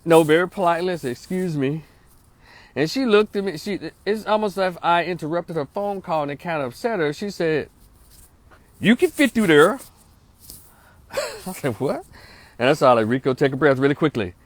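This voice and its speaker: A man's voice: on the high side, very animated, fast talker, no room sound. A middle-aged man, a social worker telling a story in a casual, slangy way that turns into preaching. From North Memphis, Tennessee. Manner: slangy, streetwise, asks listeners for agreement.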